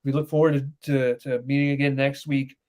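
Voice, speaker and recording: A man co-hosting a casual podcast from home, loud and excitable in banter. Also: mid-range voice, brisk. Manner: loud, excitable banter that swings to soft baby talk. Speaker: podcast co-host.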